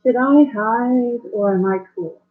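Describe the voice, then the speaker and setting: A woman's voice: on the high side, measured pace. A woman playing a character at a tabletop game, casual and cheeky, heard over tinny, phone-like audio. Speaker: player.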